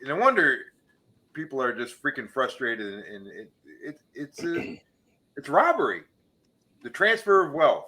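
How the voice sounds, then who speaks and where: A man hosting a casual podcast, telling bar jokes with lively character voices. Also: a little slow. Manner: animated joke-teller, changes pitch for each character. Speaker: podcast host.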